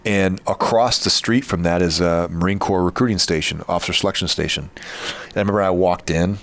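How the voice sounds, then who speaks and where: A man's voice: low-pitched, fairly even intonation, fairly quick, fairly bright tone. A man from Michigan, hosting a podcast, telling a personal story in an earnest, rambling way with frequent restarts. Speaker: podcast host. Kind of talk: casual storytelling chat.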